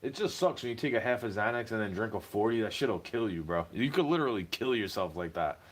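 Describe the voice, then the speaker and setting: A man's voice: fairly low pitch, lively intonation, fast talker. A young man ranting to camera in a heated, profane monologue, slipping into mocking put-on voices.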